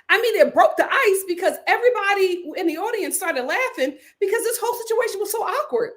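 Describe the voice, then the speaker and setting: A woman vlogger recapping a reality show in a casual, animated, slangy way, with ums and sudden bursts of laughter. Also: very high voice. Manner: animated, chatty, swings between sighs and bursts of laughter; drawn-out slangy storytelling with filler ums. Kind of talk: casual commentary vlog.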